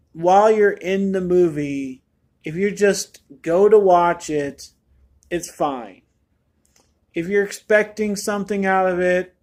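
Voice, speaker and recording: A man's voice: a little high, darkish tone. A man giving a casual spoken movie review, candid and rambling with many fillers.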